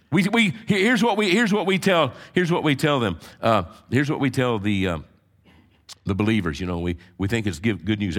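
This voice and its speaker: A man preaching a conversational sermon to his congregation, swinging between quiet asides and loud emphatic peaks, teasing the crowd. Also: on the low side, animated, moderate pace. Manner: teasing the congregation, frequent fillers and restarts. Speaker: pastor. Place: church sanctuary before a live congregation.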